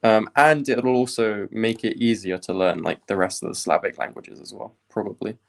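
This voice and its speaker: A young man from the UK chatting casually on a study live stream, rambling with many pauses and fillers. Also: fairly low pitch, creaky. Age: young adult. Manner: relaxed, rambling, many ums.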